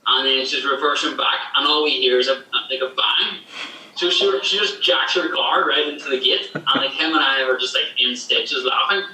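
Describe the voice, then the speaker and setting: A man's voice: mid-range voice, moderate pace, bright, forceful tone. A young man from Northern Ireland with a Northern Irish accent that has a slight Canadian tinge, a podcast guest telling rambling stories with many fillers. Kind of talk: casual chat. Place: home in Canada. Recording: echoey distant remote call with faint noise.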